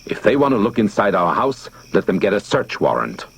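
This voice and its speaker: An angry, defiant man lecturing a crowd, forceful and shouting, performed by a male narrator. His voice is gravelly and husky, with pitch that swings a lot. Faint music runs under the storybook reading. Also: big pitch swings, a little fast, exaggerated voice.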